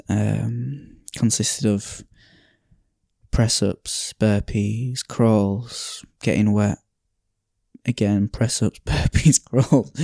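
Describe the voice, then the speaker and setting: Man, podcast host, low voice, warm tone, sighing, dry close sound. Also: gravelly, no room sound. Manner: reflective, sighs often, many fillers. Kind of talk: casual storytelling and reading aloud.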